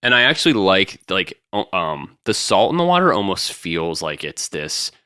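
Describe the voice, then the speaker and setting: Animated young man, low crackly voice. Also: normal speed, clear, resonant tone, dry recording, studio quality. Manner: animated, lots of "like" fillers. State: crackly morning voice. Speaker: podcast co-host. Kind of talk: casual chat.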